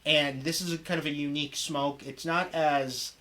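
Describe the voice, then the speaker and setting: A man's voice: on the high side, steady tone, normal speed, bright, forceful tone. A man hosting a livestream, chatting casually, joking and teasing his guest as he leads each segment. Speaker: stream host.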